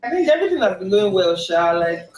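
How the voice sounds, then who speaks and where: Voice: mid-range voice, very animated, quick pace, reverberant, low-quality recording. A speaker in a casual interview, recounting struggles with a laugh.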